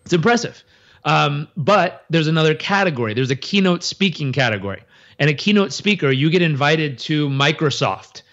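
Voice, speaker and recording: A man giving an interview in a casual, animated way, acting out crowd reactions and often restarting his sentences. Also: fairly high pitch, moderate pace, highs cut off. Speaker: interview guest.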